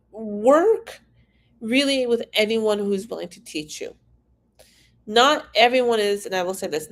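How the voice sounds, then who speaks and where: Frank woman hosting a live Q&A. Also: mid-range voice. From Iran. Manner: frank, casual, reads viewer questions aloud. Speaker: immigration consultant. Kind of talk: live-stream Q&A.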